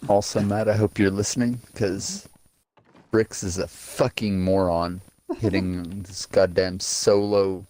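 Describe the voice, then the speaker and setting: A man's voice: low-pitched, steady tone, slow, warm tone. A man in a casual voice chat with a friend, ranting bluntly and swearing often.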